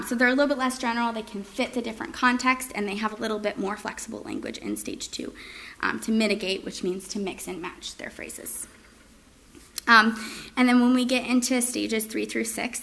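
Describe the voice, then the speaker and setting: Bright-voiced woman giving a talk. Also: mid-range voice, gravelly. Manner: frequent ums, sing-song modeled phrases. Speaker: speech-language presenter. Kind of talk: informal training presentation.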